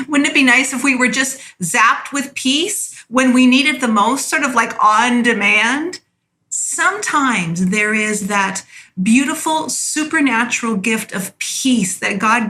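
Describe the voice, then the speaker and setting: A woman giving a short church devotional, speaking earnestly and telling a story, sometimes restarting a phrase. Her voice is bright and clear, a little high for a woman, with faint ambient noise behind her.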